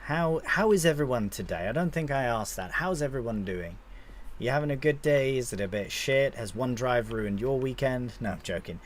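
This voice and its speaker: A man's voice: mid-range voice, lively intonation, normal speed, slight background noise. A young man casually commentating his gameplay on a live stream, chatting to viewers and swearing now and then.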